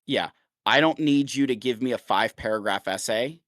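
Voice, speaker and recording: A man's voice: medium pitch, normal speed, fairly bright tone, no room sound, clean studio sound. A man co-hosting a casual podcast, talking in a rambling, blunt way with lots of fillers. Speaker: podcast co-host. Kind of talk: casual chat.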